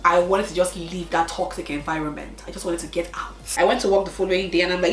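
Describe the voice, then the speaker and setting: Young woman chatting to her viewers, emotional and animated, echoey room, soft music behind. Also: lowish voice, fast talker. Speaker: vlogger. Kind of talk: casual storytelling chat.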